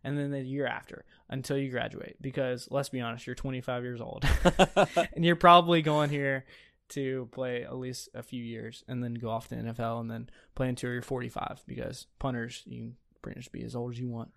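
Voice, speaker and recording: A man's voice: mid-range voice, steady tone, a little fast, gravelly, a bit bright. A young man co-hosting a casual sports podcast, chatty and enthusiastic, with frequent ums and uhs. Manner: chatty, enthusiastic, with many fillers. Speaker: podcast co-host.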